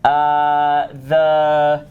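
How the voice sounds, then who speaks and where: A man co-hosting a talk show, answering a quiz game eagerly with lots of quick yeahs and uhs. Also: fairly high pitch, monotone, clean tone, narrow, tinny audio. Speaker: co-host. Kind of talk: casual talk show banter.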